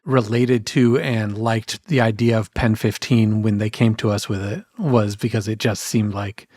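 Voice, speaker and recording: In this casual podcast chat, the forties-aged male co-host rambles, pokes fun at himself, and laughs a lot. He speaks in a lowish, steady, slightly mellow voice without hurrying. It's a clean, dry studio recording.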